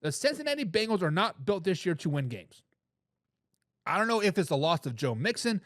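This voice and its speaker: A man hosting a live sports talk show, giving loud opinions on football and reading out viewer comments. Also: high voice, a little fast, no room sound, studio quality. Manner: animated, opinionated, reads chat comments aloud.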